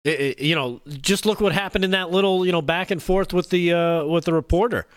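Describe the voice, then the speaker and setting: A man hosting a casual political talk show, talking in halting starts with many restarts. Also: high voice, no echo, studio quality.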